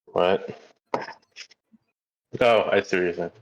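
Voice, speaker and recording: Flustered low-voiced man on a dull mic. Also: fairly even intonation, slow pace. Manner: flustered and self-deprecating. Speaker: player. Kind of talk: casual play at a tabletop game.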